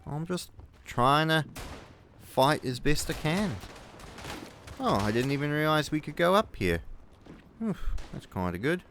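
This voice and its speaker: A man's voice: on the high side, very animated, unhurried, pauses often, fairly bright tone, slight background noise. A young New Zealand man with a New Zealand accent, rambling and swearing through gameplay commentary, with angry outbursts. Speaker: gaming video creator.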